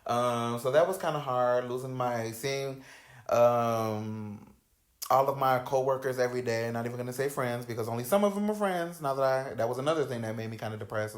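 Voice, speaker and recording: A young man hosting a podcast, telling personal stories in a candid, slangy, dramatic way, dropping to low mutters and rising to loud outbursts. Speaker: podcast host. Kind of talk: candid storytelling chat. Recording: roomy echoey room.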